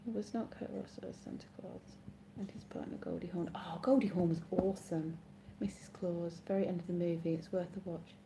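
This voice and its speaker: A woman's voice: on the low side, animated, fairly quick, hardly any pauses, background noise. A woman from Oxfordshire with an English accent, chatting casually on a live stream, rambling and correcting herself as she answers viewer comments. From Oxfordshire, England. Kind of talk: casual chat reading viewer comments aloud.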